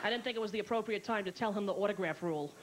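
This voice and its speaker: A woman's voice: mid-range voice, rapid-fire, very noisy. A woman doing stand-up comedy on a theater stage, telling stories in a brash way and putting on voices for the people in them. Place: theater stage before a live audience. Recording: 1990s televised special with clear room ambience.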